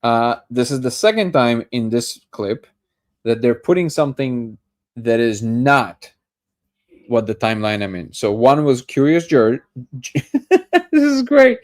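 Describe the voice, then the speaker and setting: A man's voice: medium pitch, unhurried. Rambling man hosting a live show. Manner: thinks aloud, restarts and trips over words. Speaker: host of a daily live discussion show. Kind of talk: casual live commentary while watching a clip.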